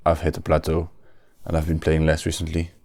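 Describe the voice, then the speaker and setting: A man's voice: extremely low pitch, monotone, brisk, gravelly, darkish tone, dry recording, clean studio sound. A man, hosting a casual solo podcast, often stopping to search for words and restarting his sentences. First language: French. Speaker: podcast host.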